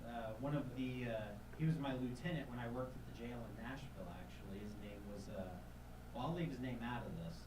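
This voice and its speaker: A man's voice: fast, roomy sound, distant mic, a crowd in the background, low-quality recording. Off-mic man spinning rambling stories. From Tennessee. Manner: hesitant with many fillers, jumps to loud high voices quoting people. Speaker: podcast guest. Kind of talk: casual storytelling.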